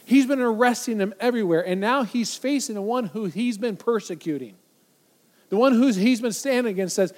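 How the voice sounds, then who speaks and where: A man delivering a sermon in a high-pitched voice, pressing his points with repetition. His delivery swings between loud emphasis and hushed lines when he voices quoted speech. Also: brisk. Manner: emphatic, repeats phrases for weight; acts out quoted voices, from loud to near silent. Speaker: pastor.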